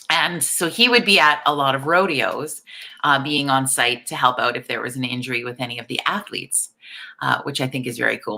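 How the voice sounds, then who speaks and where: Woman, forties, live chat host, croaky morning voice, low pitch, bright tone, chatty. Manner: chatty, upbeat, reads viewer comments aloud. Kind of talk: casual live-stream chat.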